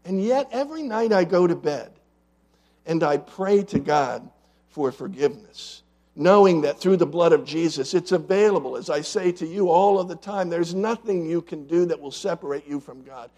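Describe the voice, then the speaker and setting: A man preaching a sermon as pastor, asking his congregation rhetorical questions and swinging between loud emphatic lines and quiet asides. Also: a little high, expressive, moderate pace.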